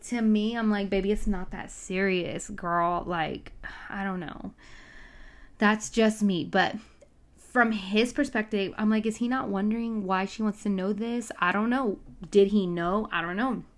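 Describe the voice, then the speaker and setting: A woman casually retelling a Bible story, chatty and full of side comments and asides. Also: mid-range voice.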